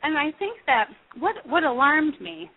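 A woman, a music therapist, talking earnestly in an interview, pausing with frequent ums and restarts. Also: sits high, sing-song. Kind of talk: conversational interview over the phone. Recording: tinny phone line.

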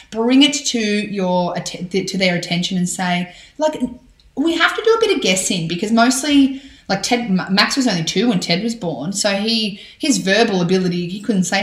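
A woman in her thirties, a parenting podcaster, giving advice in an animated, chatty conversational interview full of fillers and restarts. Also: medium pitch. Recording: roomy echo.

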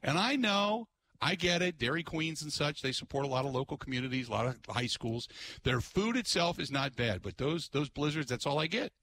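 A man hosting a talk radio show, ranting in an exasperated, animated way and putting on mocking voices. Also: on the high side, fairly quick. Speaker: radio host.

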